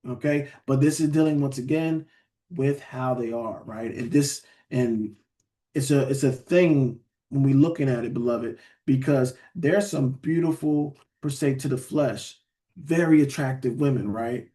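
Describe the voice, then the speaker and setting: A man's voice: mid-range voice, a little slow, mellow. A man teaching a Bible study, conversational, often asking "right?" and reading verses aloud.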